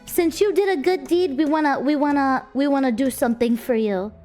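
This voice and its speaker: A woman's voice: sits high, fairly quick, dark tone, soft background music, natural voice. A woman doing a friendly airline desk man. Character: male airline desk worker.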